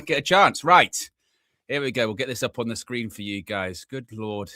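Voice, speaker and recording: A man hosting a live football watchalong, chatty and excitable, laughing often as he runs through team news. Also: mid-range voice, moderate pace, no room sound. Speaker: fan channel host.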